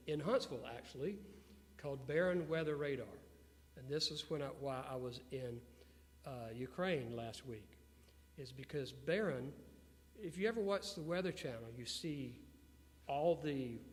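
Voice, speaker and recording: A man being interviewed before an audience, telling business stories in an animated way and putting questions to the crowd. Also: mid-range voice. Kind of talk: storytelling talk to an audience. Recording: long hall reverb with faint hum.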